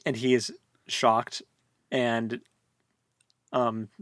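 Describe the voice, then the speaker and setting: A man's voice: mid-range voice, little pitch movement, very slow, a bit bright, no echo, studio quality. A man co-hosting a podcast, chatting casually and rambling about a book, laughing often. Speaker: podcast co-host.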